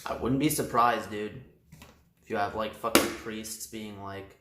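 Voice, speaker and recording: A man's voice: on the low side, fairly even intonation, unhurried, noisy background. A man streaming live, rambling in a crude casual rant with many fillers. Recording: roomy echoey room.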